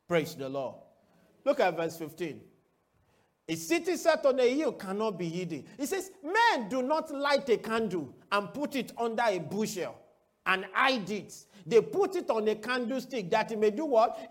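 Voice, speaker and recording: A male preacher with a high voice who takes his time, drawing the congregation in with repeated questions. He shifts from booming declarations to soft, low asides as he works through the scripture. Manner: call-and-response preaching, rhetorical questions; swings between loud declarations and quiet asides. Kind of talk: sermon.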